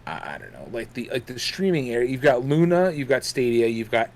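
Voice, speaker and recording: A man's voice: medium pitch, very animated, a little fast. Rambling man co-hosting a podcast. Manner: rambling, lots of fillers and restarts; chewing gum while talking. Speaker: podcast co-host. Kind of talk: casual gaming podcast chat.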